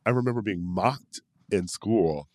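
Low-voiced man in casual podcast chat. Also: a little slow, darkish tone, no echo, clean studio sound. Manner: chatty, tangent-prone, laughs often. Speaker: podcast co-host.

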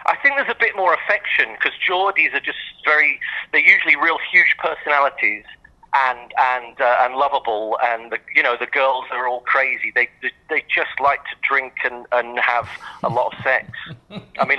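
A man's voice: medium pitch, fairly even intonation, normal speed, highs cut off. A man with an English accent, a podcast guest chatting casually with hesitant, understated dry humor. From England.

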